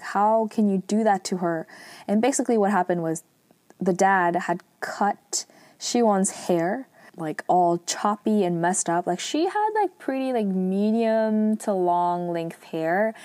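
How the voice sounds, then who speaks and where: A young woman recaps a TV drama in a loose, chatty way, leaning on "like" and "um" and tossing in her own asides. Her voice sits at a middle pitch and sounds dry and close to the mic. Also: dry recording. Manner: chatty, heavy use of "like" and "um"; lively asides, acts out quotes in a higher voice. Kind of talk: casual retelling of a TV drama episode.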